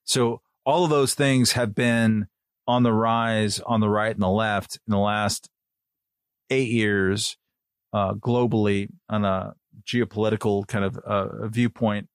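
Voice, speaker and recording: A man's voice: on the low side, fairly even intonation, slow pace, clear, resonant tone, dry recording, studio quality. A man giving rambling, filler-heavy commentary on a podcast panel. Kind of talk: casual chat.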